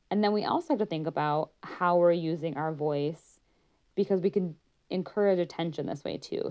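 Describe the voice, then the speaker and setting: A woman's voice: sits low, smooth, highs cut off. A woman working as a pediatric therapist gives a conversational educational talk, showing her points by acting out tones of voice.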